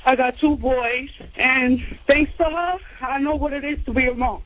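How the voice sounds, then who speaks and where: A woman's voice: high voice, normal speed, fairly bright tone, poor audio. A woman, a mother of twins, calling a radio show, proud and heartfelt. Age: adult mother. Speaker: caller.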